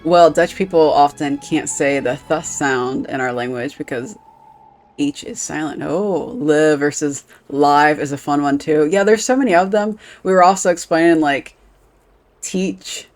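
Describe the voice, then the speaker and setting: A woman's voice: deep voice, unhurried, a little mellow, soft background music. A woman streaming a game, chatting casually, rambling with lots of fillers and swearing freely.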